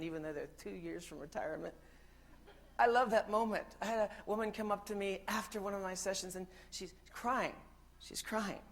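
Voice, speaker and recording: A man's voice: high-pitched, a little hiss or hum. Jokey middle-aged man giving a keynote. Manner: joking, addresses audience directly. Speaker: keynote speaker. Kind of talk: humorous conference keynote. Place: large conference hall.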